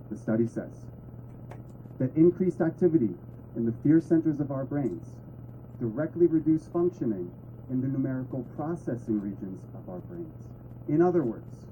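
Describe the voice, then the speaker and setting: A man's voice: medium pitch, muffled recording, slight background noise. A man giving a talk to an audience in a conversational way with playful asides. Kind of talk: presentation to an audience.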